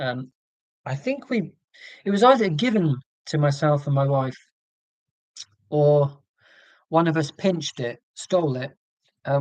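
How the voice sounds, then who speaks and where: A slightly high-voiced man from England hosts a casual livestream with a received pronunciation accent. Chatty and full of ums, he reads and answers live chat, and his computer mic gives low-quality audio with no room sound.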